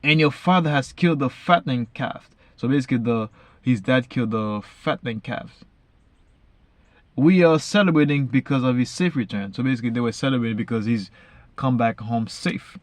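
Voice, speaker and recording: A man reading Bible verses slowly, then retelling each one casually in everyday slang. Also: mid-range voice, dry recording. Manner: frequent fillers and restarts, says basically a lot. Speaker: Bible reader and explainer. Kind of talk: casual Bible study talk.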